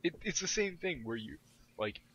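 A young man telling stories in casual podcast chat, self-deprecating and animated. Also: a little high, moderate pace, slightly rough, dull audio. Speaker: podcast guest.

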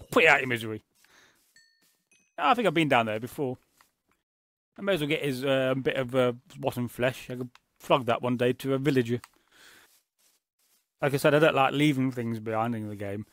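A man's voice: medium pitch, moderate pace, long pauses, fairly bright tone, no echo. A man giving chatty, joking running commentary as the host of a gaming channel. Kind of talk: casual gameplay commentary.

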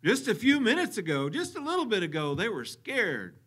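A man's voice: sits high, huge pitch swings, moderate pace, fairly bright tone. A man with a Southern US accent preaching a sermon as pastor, repeating phrases for emphasis and chuckling now and then.

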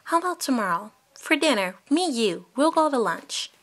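High-voiced woman in cheerful doll play. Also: sing-song, moderate pace. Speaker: toy channel host voicing the lead doll.

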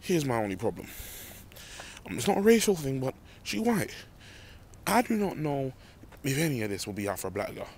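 A man's voice: medium pitch, sing-song, fairly quick, a little mellow, slight background noise. A young man, rambling and ranting animatedly to a handheld phone while walking home outdoors at night. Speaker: vlogger. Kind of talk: late-night rant to camera. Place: outdoors at night, walking through a car park.

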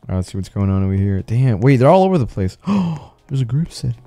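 A young man streaming a video game, reacting loudly with shouts, gasps and swearing. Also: fairly low pitch, sing-song, fast. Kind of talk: live game commentary.

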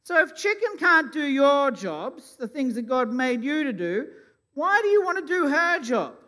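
A man's voice: very high voice, very animated, unhurried. Man leading a kids' talk in a church. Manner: gentle questioning, plays along with puppet. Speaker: children's talk leader at church. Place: church hall. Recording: church hall reverb.

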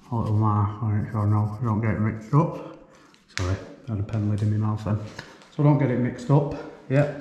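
Chatty electrician in an echoey room. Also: male voice, lowish voice, mellow. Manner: chatty, thinking aloud, wry asides. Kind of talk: casual explanation while working. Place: indoors in a house under renovation. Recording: echoey room with faint background noise.

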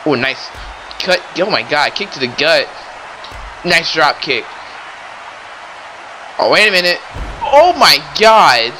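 A young man doing excitable play-by-play wrestling commentary, often exclaiming and addressing the audience. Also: on the high side, slow, pauses often, slight background noise, poor audio. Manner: excitable, keeps exclaiming and saying ladies and gentlemen.

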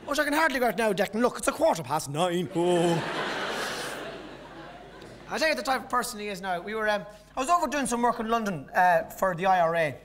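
On stage at a live comedy venue, a man from Ireland in his thirties tells rambling, self-interrupting stories as a stand-up. His voice sits high with lively intonation and a fairly quick pace, over heavy background noise.

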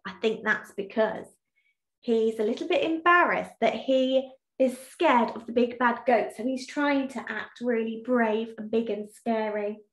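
A woman teacher reading a storybook aloud in an expressive, sing-song way, then explaining a task in an online lesson. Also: on the high side, a little slow. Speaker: primary school teacher. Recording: echoey room.

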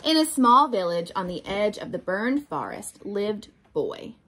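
A woman reading a children's picture book aloud as a teacher, slow and expressive, pausing to ask her listeners questions. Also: mid-range voice.

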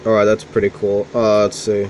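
A man hosting a game stream, giving excitable, profane commentary as he plays. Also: lowish voice, fairly quick, crowd noise, rough recording. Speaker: gaming channel host playing the game. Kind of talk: casual gameplay commentary.

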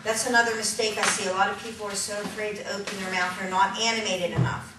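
A woman leading a hands-on puppetry workshop, energetic and upbeat, laughing often and counting the group along. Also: medium pitch, fast talker. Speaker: puppetry instructor. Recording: echoey room from a distance, noisy.

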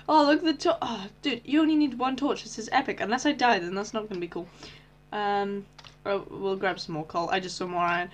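A teenage girl giving casual, excitable commentary on her Minecraft gameplay, often squealing and shouting with delight. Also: mid-range voice, fairly quick. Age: teens. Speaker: Minecraft YouTuber.

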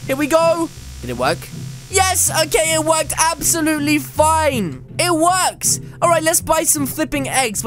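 A gamer with a high voice narrates her play breathlessly and excitedly, constantly letting out surprised exclamations. Quiet music sits faintly in the background.

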